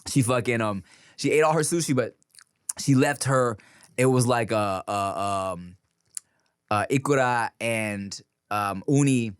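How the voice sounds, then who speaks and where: A man hosting a podcast, telling stories in casual chat, animated and profane, with plenty of fillers. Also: mid-range voice, measured pace, clear, resonant tone, dry recording, clean studio sound. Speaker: podcast host.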